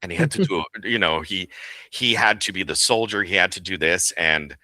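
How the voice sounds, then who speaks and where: A man in his role as voice actor and director talks through his craft in a casual interview. His voice sits very low yet comes across bright and forceful. He is animated and laughs easily, and the close mic keeps the sound dry. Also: a little fast, no room sound.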